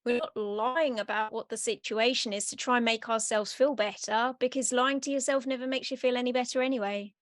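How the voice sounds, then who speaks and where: A woman's voice: a little high, fairly even intonation, fairly quick, few pauses, dry recording, studio quality. Affirming woman interviewer. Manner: supportive, with frequent affirming backchannels. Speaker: interview host. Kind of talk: casual conversational interview.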